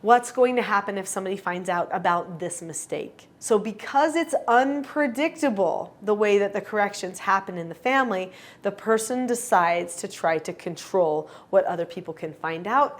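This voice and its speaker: A middle-aged woman giving calm, earnest parenting advice straight to camera, now and then acting out what a parent and child might say. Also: mid-range voice, normal speed. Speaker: parenting coach. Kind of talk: instructional talk to camera.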